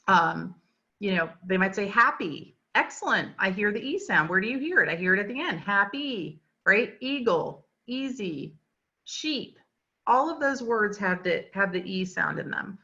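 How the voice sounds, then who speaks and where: Bright-voiced woman teaching a webinar. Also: mid-range voice. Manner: chatty, explanatory, frequent fillers. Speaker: literacy teacher presenting a webinar. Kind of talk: webinar lecture. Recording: dull lo-fi webinar audio.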